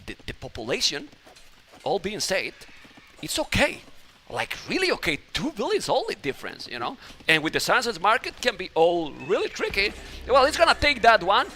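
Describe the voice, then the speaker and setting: Excitable high-voiced male esports caster. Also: normal speed, slight background noise. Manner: excitable, exclaims loudly at big moments. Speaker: esports commentator. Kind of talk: live game commentary.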